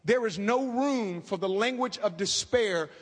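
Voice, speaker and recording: A man preaching a fervent sermon, talking fast and calling out to the congregation. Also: high voice. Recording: long hall reverb.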